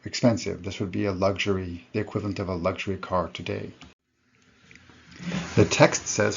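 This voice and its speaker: A man's voice: low voice, flat delivery, normal speed, vocal fry, long pauses, lo-fi sound, a little hiss or hum. A man giving a recorded lecture to his students, explaining step by step and correcting himself as he goes.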